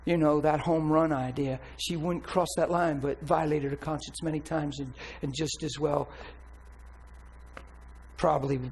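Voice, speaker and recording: A man preaching a candid, blunt personal testimony with animated storytelling. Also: on the high side, measured pace, creaky, slightly rough, rough recording. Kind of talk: sermon testimony.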